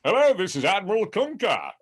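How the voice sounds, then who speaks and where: A man's voice: high voice, wildly swooping pitch, brisk, slightly rough, voice pushed up, exaggerated voice. A man doing a pompous old admiral impression. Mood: commanding. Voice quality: clipped stately British-style diction. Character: pompous older male starship admiral.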